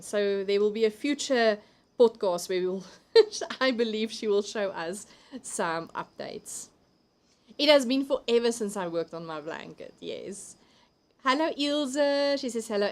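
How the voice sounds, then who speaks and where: A woman with a South African accent hosts a relaxed live stream from home, talking through a computer mic. She chats freely, laughs often and reads viewers' comments aloud as they come in. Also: medium pitch, normal speed. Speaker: livestream host. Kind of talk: casual chat reading viewer comments.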